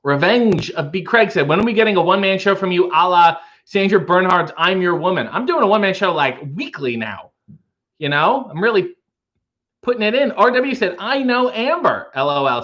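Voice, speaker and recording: A man hosting a home livestream, answering chat with rambling, deadpan jokes. His voice sits a bit high for a man. The audio is dull and lo-fi, like a muffled stream. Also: normal speed. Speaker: livestream host reading chat. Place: home, making coffee.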